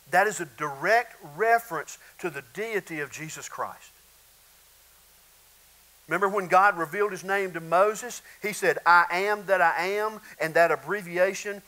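A man's voice: a little high, pushed and bright, low-quality recording. A male pastor preaching a sermon in an emphatic, repetitive way, often calling out to the congregation.

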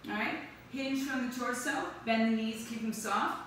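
A woman's voice: fairly high pitch, fairly even intonation, a bit bright. A woman fitness instructor leading a live workout class, calling out counts and encouraging the group. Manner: brisk counting cues and upbeat encouragement. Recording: very echoey room, distant mic, faint noise.

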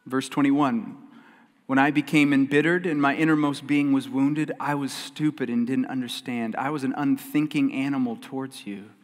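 A man preaching a sermon as pastor, earnest and emphatic, swinging between loud stresses and quiet passages and repeating key phrases. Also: medium pitch, fairly even intonation, moderate pace. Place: church sanctuary. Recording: long church hall reverb.

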